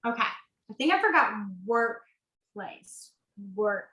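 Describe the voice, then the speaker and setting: A fairly high-voiced woman teaching a beginners' sign language class. She talks chattily, corrects herself and laughs easily. Her voice rings in an echoey room. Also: big pitch swings, takes it slowly, pushed and bright. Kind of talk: online class instruction.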